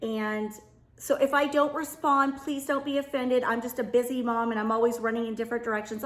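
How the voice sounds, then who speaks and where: A woman's voice: fairly high pitch, roomy sound. A middle-aged woman vlogging casually to her viewers, gushing and emotional, often calling them "you guys.". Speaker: home decor vlogger. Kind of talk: casual chat to camera.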